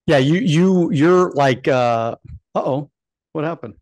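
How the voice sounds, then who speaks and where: A man's voice: fairly high pitch, animated, slow, a little mellow, no room sound. A man hosting an interview, hyped up and casual with slangy praise. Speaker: podcast host.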